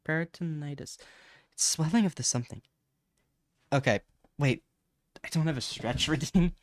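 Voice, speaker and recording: A man's voice: a little high, normal speed, dry recording, clean studio sound. A man hosting a casual educational livestream on bacteria, chatting, reading chat messages, laughing and stumbling over terms. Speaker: science streamer.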